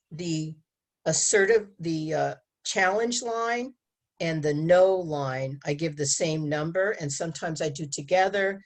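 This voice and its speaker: A woman educator giving an animated talk to an audience, acting out quoted lines and laughing often. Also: on the low side. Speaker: abstinence educator. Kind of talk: presentation to an audience.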